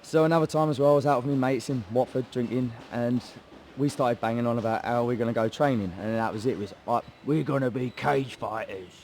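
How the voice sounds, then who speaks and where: A man's voice: mid-range voice, fairly quick, a little mellow, slight background noise. A young English man with a Hertfordshire accent, a mixed martial arts fighter telling a laddish, swearing story of how he started training in a casual interview. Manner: chatty, swearing, laddish banter, acts out quoted voices. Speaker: guest, MMA fighter.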